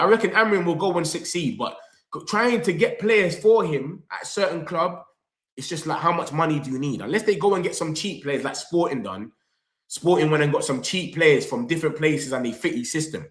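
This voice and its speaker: A young man, hosting a football fan reaction vlog. He talks in an animated, slangy way, straight to his viewers, and reads their comments aloud. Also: fairly high pitch. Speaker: football fan channel host. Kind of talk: excited live reaction vlog. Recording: echoey room.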